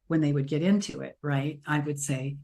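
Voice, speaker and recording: This is a middle-aged woman with a notably low-pitched voice, speaking in relaxed podcast conversation. She tells anecdotes with flair and slips into playful high voices when she quotes little children. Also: normal speed. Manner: animated storyteller acting out children's voices. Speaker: podcast co-host. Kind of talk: casual chat.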